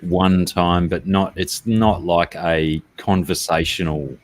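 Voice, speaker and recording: A man with an Australian accent in easygoing, rambling casual chat on a podcast, self-deprecating and relaxed. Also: sits low, slow, no echo.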